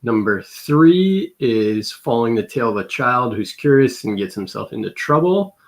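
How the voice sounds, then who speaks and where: A man's voice: medium pitch, lively intonation, normal speed. A man on a video call reading out game entries with mock-dramatic emphasis. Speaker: game show reader. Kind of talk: casual streamed chat, reading entries aloud.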